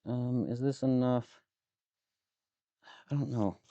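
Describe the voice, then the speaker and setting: A man's voice: mid-range voice, takes it slowly, dark tone, no room sound, dull audio. A man live streaming as he works with his hands, muttering to himself, swearing freely and joking with his chat. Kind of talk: casual live-stream chat while working.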